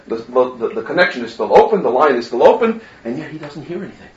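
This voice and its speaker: A man giving a religious lecture full of anecdotes, animated and often stammering on restarts. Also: medium pitch, racing, hardly any pauses. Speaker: Torah teacher. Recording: roomy, distant, dull lo-fi.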